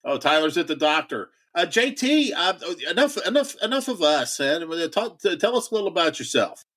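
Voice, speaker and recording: A man's voice: fairly high pitch, very animated, normal speed, pushed and bright. A man hosting a podcast in casual chat, joking, laughing often and repeating words as he goes. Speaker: podcast host. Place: home garage bar.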